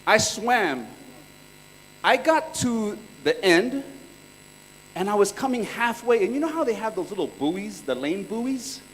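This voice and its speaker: A man in his thirties from California leads a chatty, easygoing workshop talk, swapping stories and slang before a live audience in a reverberant hall. His voice sits high with big pitch swings and an unhurried pace, with a little hiss or hum in the audio.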